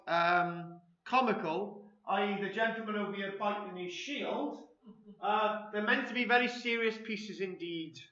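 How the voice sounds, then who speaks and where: A man's voice: high-pitched, bright, forceful tone. A man giving an informal lecture to an audience, chatty and self-deprecating, wandering into anecdotes. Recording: echoey room, dull lo-fi sound.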